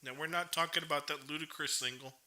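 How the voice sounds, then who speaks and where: A man's voice: fairly high pitch, fairly even intonation, fast talker, sharp tone. A young man co-hosting a casual podcast chat, giggling often and saying "dude" and "bro". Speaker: podcast co-host. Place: podcast studio.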